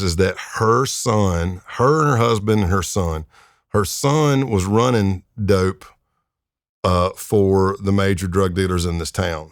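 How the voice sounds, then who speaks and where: Man in his 50s, gravelly and low, dry close sound; relaxed, wry podcast storyteller. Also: no room sound. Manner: laid-back, wry, laughs while telling stories. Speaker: guest, retired undercover agent. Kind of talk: anecdotal storytelling in a podcast interview.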